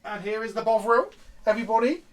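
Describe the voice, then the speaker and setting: A man's voice: high-pitched, fast. A man streaming a card game, chatting casually, joking and swearing freely as he plays. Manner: animated, jokey, swears freely. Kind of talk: casual chat while gaming.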